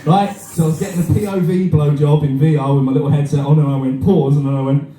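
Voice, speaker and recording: A man's voice: on the high side, fast. A man doing a crude, rambling stand-up set, performing live in a cafe bar. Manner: crude, rambling, animated, swears a lot. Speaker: stand-up comedian. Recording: echoey room, mic heard from far.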